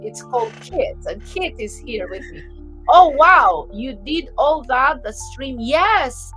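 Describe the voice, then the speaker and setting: A woman's voice: high-pitched, expressive, takes it slowly, pushed and bright, soft background music. A woman hosting a live art stream, chatting casually and rambling cheerfully into a computer microphone.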